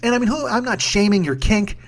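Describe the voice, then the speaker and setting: A man's voice: sits high, a little fast. A man in his forties hosting a casual solo podcast from home, rambling, swearing and mocking himself. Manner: profane, rambling, self-mocking. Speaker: podcast host. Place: home room with a humming ceiling fan. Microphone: sock-covered mic, speaking a bit back from it.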